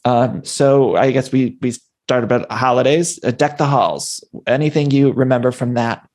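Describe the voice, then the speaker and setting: A man's voice: mid-range voice, normal speed, a little mellow. A man hosting an interview podcast, chatty and enthusiastic, running through a guest's credits with questions. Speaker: podcast host. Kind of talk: casual interview chat.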